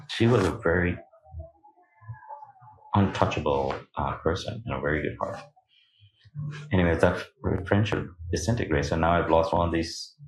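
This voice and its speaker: A man as a podcast guest, telling his own story candidly and animatedly, acting out what people said to him. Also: extremely low pitch. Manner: animated, acts out quoted lines, laughs between points. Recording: roomy echo.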